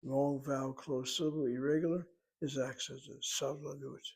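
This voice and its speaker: A man teaching a language lesson, speaking slowly and deliberately and spelling words out letter by letter. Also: medium pitch, fairly even intonation, creaky, a little mellow, breathy edge, low-quality recording. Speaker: Hebrew teacher. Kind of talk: lecture.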